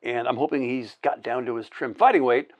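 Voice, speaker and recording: A man telling stories on a podcast in a casual chat. He acts out sound effects, shouts the lines of people he quotes, swears freely and often restarts his sentences. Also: medium pitch, a little fast. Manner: animated anecdote-teller with sound effects, shouted quotes and laughter; profane, full of restarts. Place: indoor podcast set.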